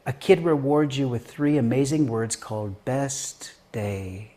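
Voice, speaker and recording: A middle-aged man, a guest author and science educator, telling anecdotes in an interview. He acts out the voices of the people in his stories and swings between loud, quick bursts and slow, quiet lines. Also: medium pitch. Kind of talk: animated storytelling in an interview.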